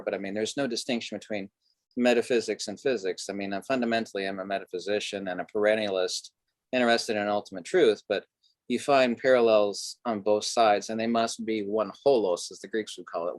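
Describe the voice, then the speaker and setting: A man with a low voice holds forth as a podcast guest, wandering through ideas in long, lecturing runs full of fillers. His voice is recorded dry and close, with no room sound. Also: no room sound. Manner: discursive, lecturing, many fillers. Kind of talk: philosophical conversation.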